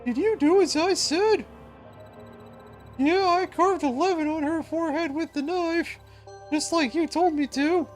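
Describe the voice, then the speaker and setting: A man's voice: very high-pitched, a little slow, faint music behind, voice pushed up. A man voicing a creepy little girl in an eerie sing-song manner, reading game dialogue aloud. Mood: sinister.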